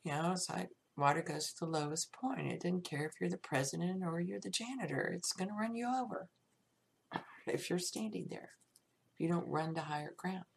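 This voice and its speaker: A woman hosting her own podcast, talking through life lessons in a plain-spoken, reflective monologue. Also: on the low side. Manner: slow, gravelly, plain-spoken. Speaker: podcast host.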